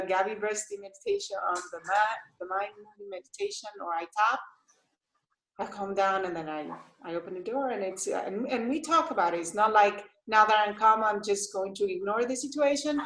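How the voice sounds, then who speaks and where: A woman from Costa Rica, a mother of young children, talking as an interview guest in an animated way, laughing often and restarting her sentences. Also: medium pitch, normal speed, reverberant, low-quality recording. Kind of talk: casual interview chat.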